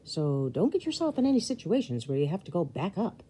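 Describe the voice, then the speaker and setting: A man's voice: high-pitched, huge pitch swings, fairly quick, dark tone, slightly rough, full character voice. Uncle Gideon, a woman doing a hearty showy uncle. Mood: instructing. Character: fussy, theatrical uncle, middle-aged man.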